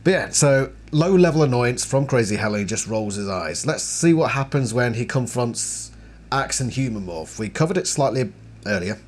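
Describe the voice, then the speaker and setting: A man giving a casual book analysis and reading passages aloud, chatty and expressive. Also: mid-range voice, moderate pace. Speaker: book series reviewer.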